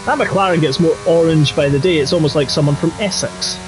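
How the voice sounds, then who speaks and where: A man's voice: on the high side, a little fast, background noise. A man with a Yorkshire accent commentating a racing game live, chatty and jokey. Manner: chatty and jokey, drifting into banter. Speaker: league race commentator.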